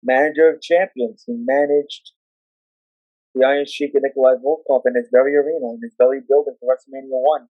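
A man on a podcast telling memories in a lively way, acting out the people he quotes. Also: mid-range voice, dry recording, lo-fi sound. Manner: animated, acts out the people he quotes; rapid run-on retelling of wrestling memories. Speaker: podcast guest and storyteller. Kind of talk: casual podcast storytelling.

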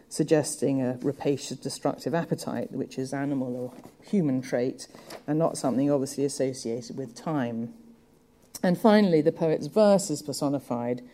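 Woman, very dark mellow tone, measured lecturer, occasional ums. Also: a bass voice. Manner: measured, thoughtful, with occasional fillers. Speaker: literature lecturer. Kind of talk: lecture on poetry.

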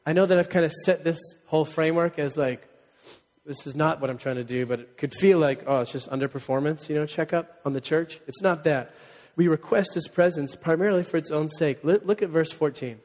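A fairly high-voiced male pastor delivers a lively sermon, joking with the congregation and calling on them to repeat words back. His voice rings through a church sanctuary with a long reverb tail. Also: brisk. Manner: call-and-response, animated and joking.

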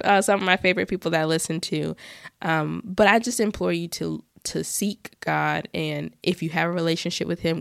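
A woman's voice: on the low side, creaky, no room sound, clean studio sound. Earnest woman hosting a faith podcast. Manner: earnest, heartfelt, with restarts and asides. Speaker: podcast host. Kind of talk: casual faith talk to listeners.

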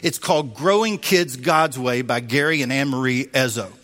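A man preaching a sermon as a pastor, telling a story in an animated way and acting out the voices he quotes. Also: medium pitch, moderate pace. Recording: long reverb of a large hall.

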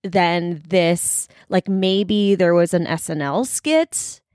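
A woman's voice: on the low side, slow, a little mellow, dry recording. Rambling woman in a dry recording. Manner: rambling, full of filler words and restarts; playful, guesses freely. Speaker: co-host. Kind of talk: casual chat.

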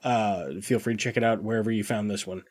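A man co-hosting a movie podcast in casual chat, joking with quick asides. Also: fairly low pitch, darkish tone. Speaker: podcast co-host.

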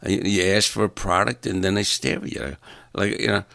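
A man's voice: on the low side, normal speed, creaky, bright, forceful tone, no room sound, studio quality. A man in a rambling comic monologue, exasperated and ranting, stumbling over repeated words as he vents. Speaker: stand-up comedian.

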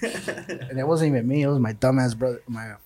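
A man's voice: medium pitch, a little fast, a crowd in the background. A young man hosting a podcast, telling crude party stories full of profanity and slang, laughing often. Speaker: podcast host. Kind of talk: casual storytelling chat.

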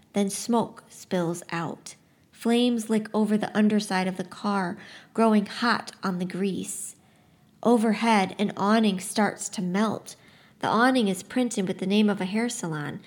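A woman giving a casual book talk, summing up a story in a chatty way and then reading a passage aloud with expression. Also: medium pitch. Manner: chatty, relaxed, frequent "like" quotes; expressive first-person reading.

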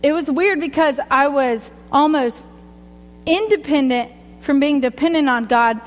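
A woman's voice: high voice, measured pace, in a large hall. A woman sharing a personal faith testimony, rambling and chatty, often laughing at herself. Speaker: speaker giving a testimony.

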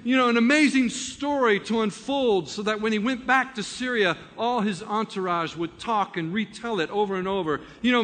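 A man preaching a sermon by retelling a story, animated and vivid, with frequent restarts. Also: high voice, in a large hall.

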